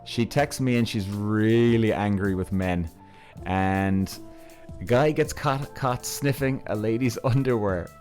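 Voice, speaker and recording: A man hosting a podcast, telling stories in a casual, frank way, chuckling often and swearing freely. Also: lowish voice. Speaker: podcast host. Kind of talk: casual storytelling.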